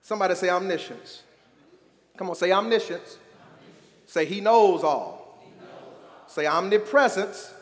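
Male pastor with a high voice; preaches with call-and-response in a reverberant sanctuary. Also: animated, unhurried, pauses often. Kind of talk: sermon.

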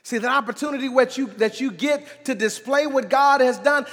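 A man with a very high voice preaches a sermon, rising into shouts and dropping back to near-conversational lows. He keeps calling on the congregation to answer him. His voice rings through a church with a long echo. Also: normal speed, few pauses. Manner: call-and-response preaching, swinging from quiet to shouting. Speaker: pastor.

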